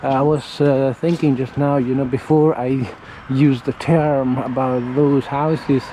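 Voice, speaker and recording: A man casually vlogging while he walks around town, halting and searching for his words. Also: mid-range voice, level tone. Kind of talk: casual walking vlog talk. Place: outdoors on town streets. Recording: outdoor street with passing traffic.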